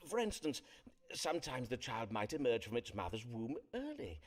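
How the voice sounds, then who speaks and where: A pompous Elizabethan astrologer from a period game, wordy and evasive, hedging with little fillers. His pitch rises and falls a lot, and his old-fashioned phrasing sounds formal and stiff. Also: sing-song, moderate pace. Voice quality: archaic formal diction, hesitant fillers. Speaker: Elizabethan astrologer physician Foreman.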